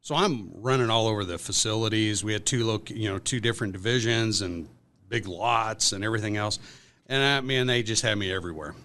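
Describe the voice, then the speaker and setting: A man with a lowish voice and a forceful, sharp-edged tone, telling stories loosely as a podcast guest. He rambles, restarts and fills pauses with "uh" and "you know". It sounds like relaxed conversation. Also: a little hiss or hum. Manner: rambling anecdotal storytelling with many fillers. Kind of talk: casual storytelling.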